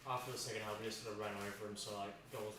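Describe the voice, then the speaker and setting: A man's voice: fairly low pitch, flat delivery, very fast. A man giving short, offhand answers about his football game from across the room. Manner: quiet, brief, offhand answers. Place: same room as the streamer, away from the mic. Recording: distant voice in an echoey room.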